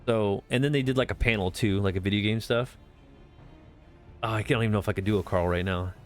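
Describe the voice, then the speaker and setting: A man's voice: fairly low pitch, quick pace, faint music behind. A man streaming a game, chatting casually in a rambling, profane way full of fillers. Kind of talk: casual live-stream chat.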